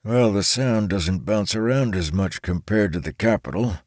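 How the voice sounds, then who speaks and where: A man's voice: fairly low pitch, normal speed, a little mellow, no echo, studio quality, pitched above the performer's own voice, natural voice. A man voicing Charles, an older grandfather with a mild, musing way of talking.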